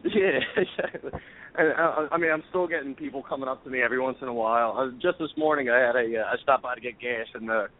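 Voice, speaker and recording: A man's voice: mid-range voice, fast talker. A guest chef, a man with a mid-range voice, tells his stories candidly, swearing and restarting as he goes. The sound comes through thin and phone-like. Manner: candid, profane storyteller with frequent restarts. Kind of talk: casual chat.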